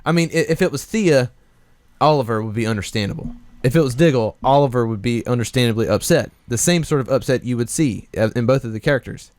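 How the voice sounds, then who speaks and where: A man's voice: mid-range voice, fast, a little mellow, slight background noise. A man co-hosting a podcast in casual chat, theorizing eagerly about a TV show, often repeating words and laughing. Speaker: podcast co-host.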